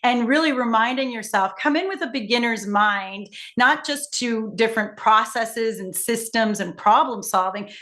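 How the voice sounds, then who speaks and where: Middle-aged lady coach telling stories, kinda high voice, acts out all the quotes. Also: moderate pace, few pauses. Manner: animated, acts out dialogue in her stories. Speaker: guest facilitator and coach. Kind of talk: storytelling in casual conversation.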